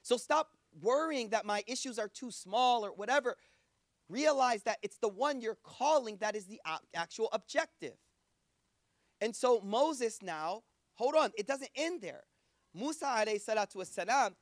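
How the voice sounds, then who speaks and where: A man's voice: very high-pitched, lively intonation, normal speed, dry recording, clean studio sound. A man preaching in a casual, conversational way, acting out quoted voices. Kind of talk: sermon.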